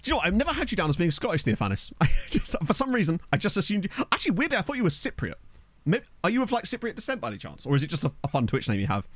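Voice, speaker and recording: A man with a neutral British accent chatting quickly and casually to his live-stream viewers while playing a football management game. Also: high-pitched, wildly swooping pitch, no echo. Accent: neutral British English. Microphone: desktop USB microphone.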